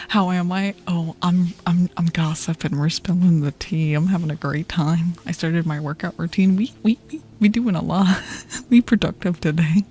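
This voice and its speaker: A young woman streamer in a soft whispered role-play style, gossiping with her chat and laughing often, with faint music behind. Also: on the low side, fairly even intonation, normal speed. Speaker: ASMR streamer.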